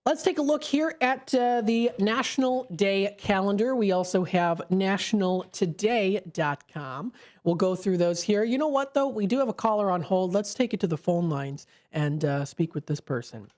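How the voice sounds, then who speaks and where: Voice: medium pitch, moderate pace, darkish tone. A local radio host talks on a live call-in show. The delivery rambles and restarts, full of fillers, and is picked up close on a studio microphone.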